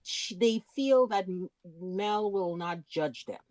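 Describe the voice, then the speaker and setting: A woman's voice: mid-range voice, lively intonation, slow pace, darkish tone, dry recording. A woman co-hosting a podcast, casually weighing in on characters' motives with frequent restarts. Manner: agreeable, backchannels and stumbles on restarts. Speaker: podcast co-host. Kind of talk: casual discussion.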